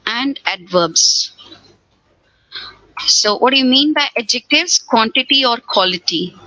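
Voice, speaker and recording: Woman teacher, fairly high and bright, explains grammar step by step with rhetorical questions. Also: animated, measured pace, dry recording, low-quality recording. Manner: repeats key words, asks rhetorical questions. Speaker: English teacher. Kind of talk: exam-prep grammar lesson.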